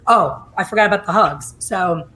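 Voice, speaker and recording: A middle-aged woman hosting a casual chat, telling lively stories and acting out other people's voices. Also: mid-range voice, normal speed, slight background noise. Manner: animated, acts out quoted voices. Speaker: host.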